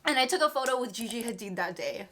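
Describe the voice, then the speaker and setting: A woman's voice: a little high, lively intonation, quick pace, bright, forceful tone, a little hiss or hum. A woman in her twenties telling embarrassing fan stories in a casual vlog, self-mocking and dramatic, swearing casually. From Canada. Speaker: vlogger.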